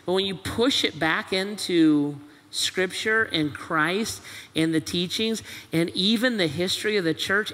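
A man's voice: high-pitched, unhurried, sharp tone. A man preaching a sermon in a church, firing off rhetorical questions and acting out quoted voices. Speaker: pastor. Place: church auditorium. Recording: long church hall reverb.

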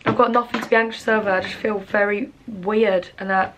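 A woman's voice: mid-range voice, steady tone, a little fast, noisy background. A young woman in her twenties with a Northern English accent, chatting casually to camera in a rambling vlog, full of fillers. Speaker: vlogger.

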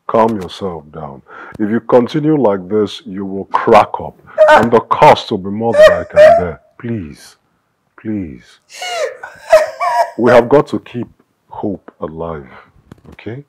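A soothing Nigerian husband, husky and slow. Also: male voice, lowish voice, lively intonation, heavily acted. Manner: soothing, pleading, murmured reassurance. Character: calm husband comforting his wife.

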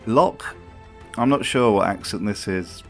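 A man's voice: on the low side, measured pace, faint music behind. A man giving a wry, sardonic voice-over commentary as a video host, swearing freely.

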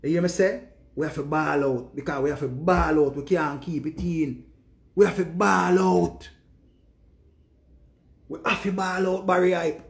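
A man's voice: fairly high pitch, steady tone, measured pace, creaky, long pauses. A grieving man with a Jamaican accent, talking emphatically and repeating himself in patois. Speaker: vlogger. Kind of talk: emotional monologue to camera.

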